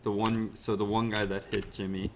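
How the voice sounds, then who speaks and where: A man with a low voice runs a tabletop game as its master, describing the action in a loose, rambling manner. He talks casually and lets out the odd chuckle, over a faint hiss. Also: level tone, normal speed, low-quality recording.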